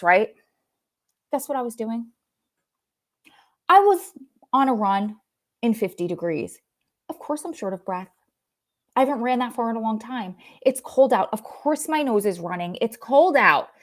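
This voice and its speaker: A young woman hosting a casual livestream chat, chatty and rambling, sometimes losing her train of thought. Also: medium pitch. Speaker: livestream host.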